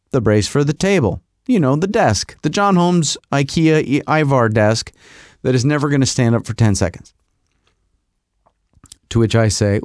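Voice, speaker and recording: Animated man telling a comic story. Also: medium pitch, moderate pace, dry recording, studio quality. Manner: rambling, animated, puts on voices. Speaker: podcast host.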